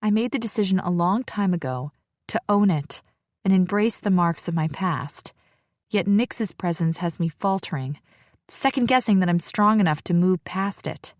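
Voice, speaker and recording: A woman's voice: on the low side, moderate pace, darkish tone, no echo. A woman narrating a first-person romance audiobook in an intimate, confiding inner-monologue style, recorded on a close studio mic.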